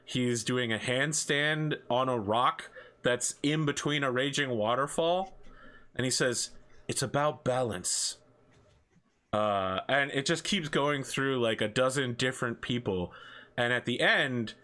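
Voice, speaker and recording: Brief: male game master, bright clear tone, laid-back explainer. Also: mid-range voice, slow pace. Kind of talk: running a tabletop game.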